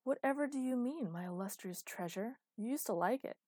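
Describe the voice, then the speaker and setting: A woman reading a teasing, flirtatious grown man, mock-romantic and deadpan, in an audiobook. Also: on the high side, a little fast, dry recording, voice pushed up. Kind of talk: audiobook character voice.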